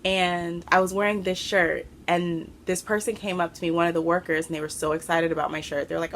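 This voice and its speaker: A woman hosting a craft podcast from home, chatting to camera in an excitable, rambling way and a little out of breath. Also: on the low side, fairly quick, creaky, few pauses, slight background noise. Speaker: podcast host. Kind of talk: casual chat to camera. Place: home room.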